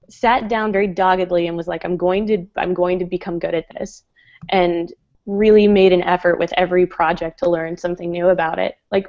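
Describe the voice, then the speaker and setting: A woman's voice: fairly low pitch, a little mellow, dull audio. A woman guest in a casual interview chat, talking in a chatty way with frequent laughs and fillers. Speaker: guest designer.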